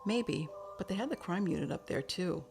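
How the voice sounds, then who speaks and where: A woman's voice: lowish voice, lively intonation, moderate pace, creaky. A winded, good-humored dad, as a woman reader puts him on in a storybook, casual and a bit breathless. Music runs underneath. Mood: breezy. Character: winded, good-humored middle-aged father.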